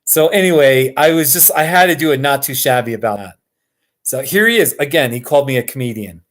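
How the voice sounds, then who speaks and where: An American man from Colorado chatting casually with his viewers on a live stream, excitable and chuckling often. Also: medium pitch, brisk. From Colorado, USA. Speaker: YouTuber hosting a live stream.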